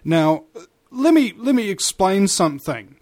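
A man co-hosting a political talk show, telling stories and making points insistently. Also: measured pace. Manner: animated, insistent, rising pitch when stressing. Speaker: podcast co-host.

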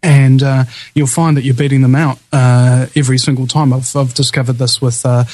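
A man's voice: mid-range voice, little pitch movement, moderate pace, darkish tone, rough recording. New Zealand man hosting talk radio. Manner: rambling, frequent fillers and restarts. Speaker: radio talk show host. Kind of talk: casual talk radio interview.

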